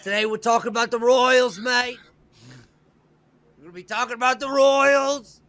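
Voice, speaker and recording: A man doing a loud, hammy mock-British bloke voice in a shouted, sing-song delivery, playing it up for a podcast intro. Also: very high-pitched, steady tone, normal speed, pitched above the performer's own voice.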